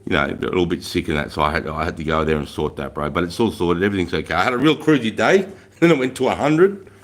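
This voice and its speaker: Aussie bloke doing a live stream, middle-aged, blunt, swears a lot, chatty. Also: male voice, low voice, rapid-fire, a bit bright. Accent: Australian. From Australia. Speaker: livestream host. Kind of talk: casual livestream chat.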